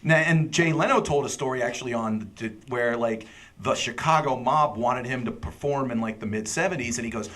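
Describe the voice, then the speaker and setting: Bright-voiced talk show host. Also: male voice, medium pitch, fairly quick. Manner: chatty storytelling with laughs. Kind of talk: casual chat.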